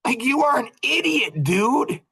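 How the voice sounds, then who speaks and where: A man's voice: extremely high pitch, sing-song, a little slow, vocal fry, bright, forceful tone, husky. A middle-aged man hosting a podcast, talking in an impassioned, repetitive monologue and breaking into short laughs. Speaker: podcast host.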